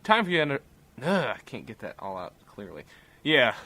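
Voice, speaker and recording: Man doing a deep-voiced, shrugging Jesus, loose and mumbly. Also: huge pitch swings, fairly quick, pushed and bright, heavily acted. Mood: laid-back. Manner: casual, mumbling, fumbles lines. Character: laid-back Jesus greeting a new arrival. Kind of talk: rough comedy sketch.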